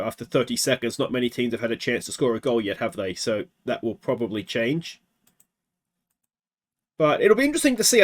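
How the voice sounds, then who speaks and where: An Australian man hosting a let's play, chatting through a football management game and asking himself rhetorical questions. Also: mid-range voice. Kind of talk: game commentary.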